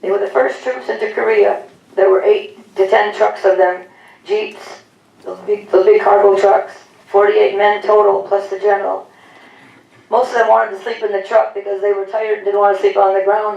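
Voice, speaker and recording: A woman's voice: mid-range voice, flat delivery, normal speed, gravelly, a little mellow, lo-fi sound. Woman reading tributes in an echoey hall. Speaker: announcer reading veterans' service stories. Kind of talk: read-aloud tributes at a public event. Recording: echoey room, distant mic, faint noise.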